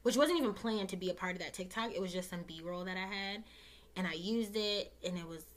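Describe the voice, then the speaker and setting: A woman's voice: lowish voice, a little fast. A young woman hosting her own podcast, talking straight to her listeners in a casual, heartfelt way. She, uses many fillers and is close to tears. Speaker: podcast host.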